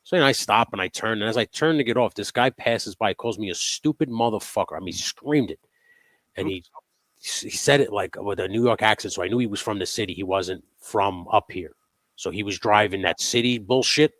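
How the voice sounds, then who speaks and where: Low-voiced man telling stories, dry sound. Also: fairly quick, no echo. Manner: profane, animated storytelling. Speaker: host. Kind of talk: casual chat. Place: home workshop.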